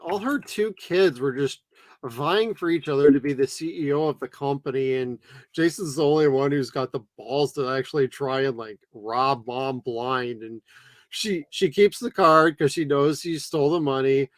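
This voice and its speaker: A man's voice: mid-range voice, moderate pace, no echo. A man co-hosting a casual movie review, laughing often and acting out characters' lines with crude jokes. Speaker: podcast co-host.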